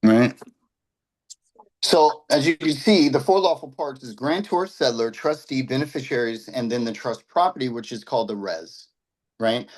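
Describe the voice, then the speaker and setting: A man's voice: mid-range voice, moderate pace, rough recording. A man giving a casual, off-the-cuff lecture to a class. He talks loosely, restarts and repeats phrases as he works through his points. He keeps tagging his sentences with "right?" to check in with his listeners. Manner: restarts and repeats himself while explaining. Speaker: instructor.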